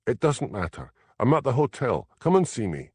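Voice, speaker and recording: A man's voice: mid-range voice, sing-song, normal speed, breathy edge, no echo, voice pushed up. An earnest young woman, urgent and persuasive, as a male narrator voices her. The voice is lifted only slightly above his own, in an audiobook reading. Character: anxious, determined young woman, psychic friend.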